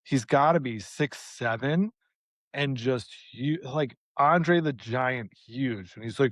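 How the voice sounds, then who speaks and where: A man cohosting a podcast, telling an exasperated, animated story in casual chat with plenty of swearing. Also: medium pitch, slow, no room sound. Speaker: podcast co-host.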